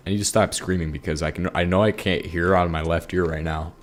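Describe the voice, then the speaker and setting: Low-voiced man, sleep-deprived, rambling jokey gaming commentary, soft music behind. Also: fairly even intonation, a little fast. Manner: goofy, rambling, self-mocking. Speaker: Minecraft gaming YouTuber. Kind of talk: rambling casual commentary over gameplay.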